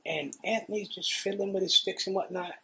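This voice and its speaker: A middle-aged man with a New York accent telling profane, animated stories in a casual interview. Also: sits high, a little fast. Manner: profane, animated, acts out quotes. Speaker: interviewee, guitarist. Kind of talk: casual storytelling.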